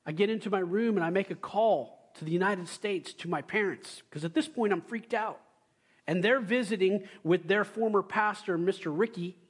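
A young adult male pastor giving a sermon, telling stories with loud excited bursts and quiet asides. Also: high-pitched, normal speed, husky.

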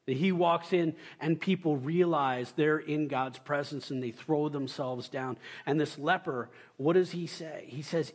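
High-voiced man preaching a story-driven sermon. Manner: storytelling, swings between loud excited bursts and quiet asides. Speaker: pastor.

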